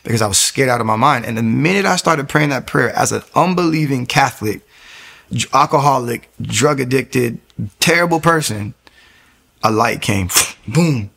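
A man's voice: medium pitch, animated, moderate pace, creaky, sharp tone. A young man giving a candid, earnest personal testimony, often stopping and restarting his sentences.

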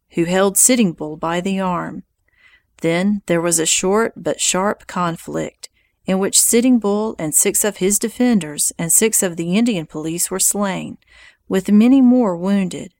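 A woman reads a history audiobook aloud in a measured, even way. Her middle-pitched voice has a gravelly edge of vocal fry. The recording is dry and close, with no room sound. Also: no room sound. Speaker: narrator.

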